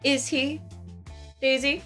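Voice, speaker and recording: A woman's voice: sits high, steady tone, slow, fairly bright tone, faint music behind, pitched above the performer's own voice. A woman voicing a cold, snobbish middle-aged mother in a tabletop game, speaking in a clipped, condescending way.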